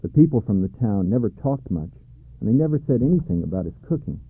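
A man calmly reading a children's storybook aloud, in a measured way, on a dry, tinny recording. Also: mid-range voice, husky, no room sound. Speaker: narrator. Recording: dry tinny narrow-band sound.

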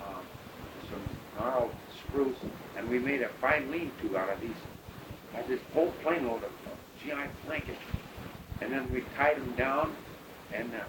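An older man, a pilot, recounting his past in a rambling, halting way full of fillers. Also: mid-range voice. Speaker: bush pilot telling his story. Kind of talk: oral history storytelling. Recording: noisy recording.

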